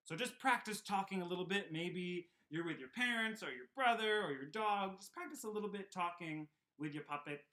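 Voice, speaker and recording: A man teaching a children's puppet and sing-along lesson at home, speaking gently and encouragingly. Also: high-pitched, expressive, normal speed, hardly any pauses. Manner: gentle, encouraging, talks to kids. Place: home room.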